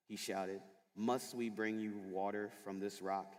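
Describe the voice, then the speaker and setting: A man's voice: on the low side, flat delivery, measured pace. A man giving a sermon to middle school students in a school chapel, chatty and informal, full of fillers as he tells stories. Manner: casual, chatty storytelling with many fillers. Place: large school chapel hall. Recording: long echo of a large hall.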